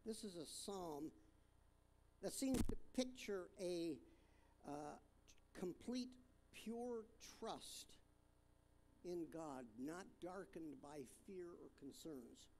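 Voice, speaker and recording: A man preaching a sermon, reading scripture aloud and talking it through in a halting way with fillers and restarts. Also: high-pitched, animated, a little mellow, slight background noise. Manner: reads scripture aloud, stressing different words.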